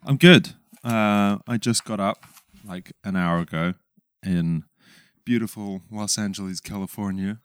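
A young man talks casually as a podcast guest, poking fun at himself and laughing easily. His voice sits low with a smooth, clean resonance. The sound is dry and close, with no room around it. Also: unhurried, no echo. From England. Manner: self-deprecating, laughs often. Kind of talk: casual chat.

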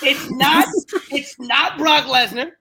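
A man co-hosting a wrestling talk show, talking in halting runs with repeated words and fillers. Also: very high voice, sharp tone. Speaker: podcast co-host.

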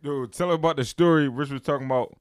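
A man in casual chat, cutting in with excited, loud remarks. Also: a little high, fast, crowd noise.

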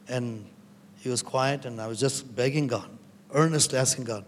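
A man's voice: mid-range voice, fairly even intonation, normal speed, a little hiss or hum. Guy preaching his testimony in a big echoey church, earnest, storytelling. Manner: earnest storytelling, often quoting others. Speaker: guest preacher. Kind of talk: sermon with personal testimony.

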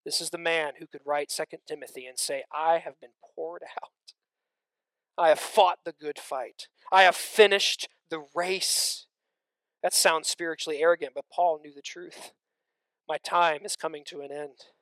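A man preaching a sermon, swinging between loud emphatic stretches and hushed near-whispers, with conversational asides to the congregation. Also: a little high, steady tone, unhurried, dry recording.

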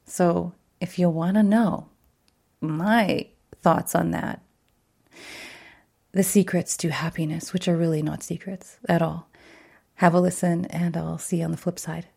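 A woman's voice: lowish voice, steady tone, unhurried, gravelly, long pauses, a little mellow, husky. A middle-aged woman coach hosting her podcast in a casual monologue, bubbly and chatty, laughing often between thoughts. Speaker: podcast host and wellness coach.

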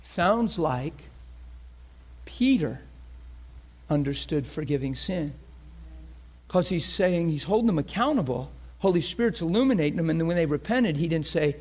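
A man preaching an impassioned sermon who swings from fervent near-shouting to hushed, earnest appeals and acts out crowd voices. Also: fairly high pitch, lively intonation, moderate pace, long pauses.

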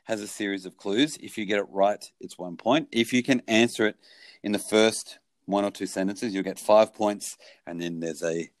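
A man's voice: fairly low pitch, normal speed, dry recording. A man hosting a casual podcast chat, wry and joking. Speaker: podcast host.

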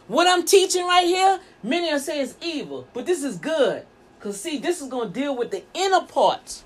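A woman minister and show host, preaching emphatically with rhetorical questions and repeated words. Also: a little high. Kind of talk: preaching talk.

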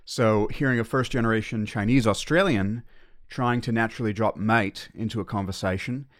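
A man's voice: lowish voice, moderate pace. An American man hosting a podcast, talking through his thoughts in a wry, self-questioning solo monologue. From United States. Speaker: podcast host.

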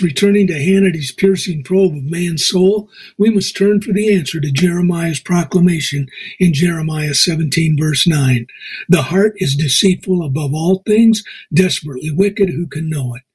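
A man with an American accent hosting a radio show, reading scripture and preaching in a measured, emphatic way. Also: on the high side, slightly rough, rough recording. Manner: measured, emphatic preaching with slow drawn-out stresses. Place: radio studio.

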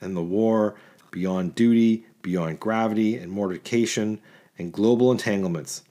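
A man narrating a literary short story in a measured, rhythmic reading. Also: on the low side, mellow. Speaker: audiobook narrator.

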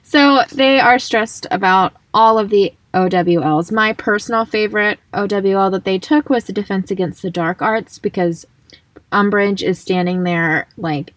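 Woman podcast co-host, chatty and giggly, mid-pitched, dry close sound. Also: moderate pace, fairly bright tone, no room sound. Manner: chatty, laughs often, reads passages aloud. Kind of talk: casual book discussion.

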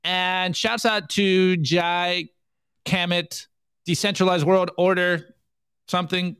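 Chatty male host with a smooth voice. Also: sits high, level tone, a bit bright, dry recording. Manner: chatty, reading memes aloud with quick asides. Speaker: show host. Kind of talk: casual livestream commentary.

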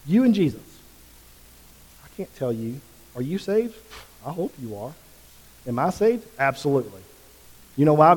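Pastor, male, fairly high voice, impassioned sermon delivery with a long hall reverb. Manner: preaching with rising emphatic passion, swinging from soft to loud.

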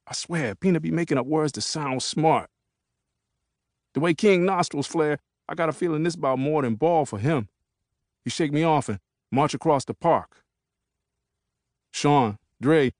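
A man's voice: a little high, a little mellow, dry recording, clean studio sound. A man narrating an audiobook in the first person, in a laid-back, casual street vernacular.

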